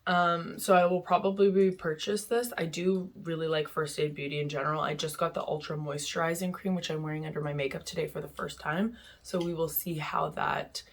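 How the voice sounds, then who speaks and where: Low-voiced chatty woman reviewing beauty products. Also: flat delivery, fairly quick. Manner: chatty, candid, frequent fillers. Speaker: beauty vlogger. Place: home in Vancouver.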